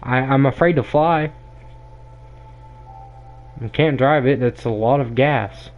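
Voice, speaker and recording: A man's voice: medium pitch, slow. Blunt ranting young man, tinny sound. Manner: blunt, emphatic, ranting, repeats himself. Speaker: podcast host. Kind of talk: opinionated monologue.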